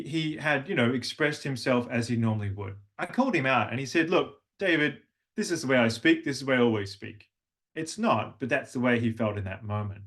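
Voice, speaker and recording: A man leads an online voice workshop, speaking at an ordinary middle pitch. He explains breath and tone in a chatty way, often restarting his sentences. The sound is a plain video call mic. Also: a bit bright. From Australia. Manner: demonstrates humming and vocal tones, chatty with restarts. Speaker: voice and language coach. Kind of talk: online workshop lecture with vocal demonstrations.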